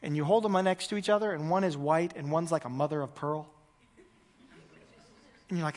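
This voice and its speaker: A man, a pastor preaching a conversational sermon, swinging between loud emphasis and hushed moments. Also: fairly high pitch, normal speed, long pauses, in a large hall.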